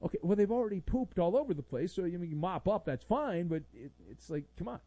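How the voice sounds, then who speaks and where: A man's voice: sits high, expressive, quick pace, dark tone, no echo, rough recording. A man hosting a sports talk show, sarcastic and theatrical, mocking his subjects with playful bits. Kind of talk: animated sports commentary.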